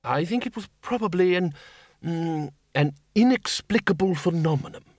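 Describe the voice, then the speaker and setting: A man's voice: high-pitched, animated, normal speed, dry recording, clean studio sound, voice pushed up. A man voicing a timid, elderly male zombie wizard who stammers and hesitates. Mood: flustered.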